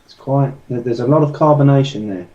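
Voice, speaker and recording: A man's voice: mid-range voice, fairly quick, muffled recording, a crowd in the background. A man co-hosting a casual podcast, easygoing, often answering with short agreeing replies. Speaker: podcast co-host. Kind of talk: casual chat.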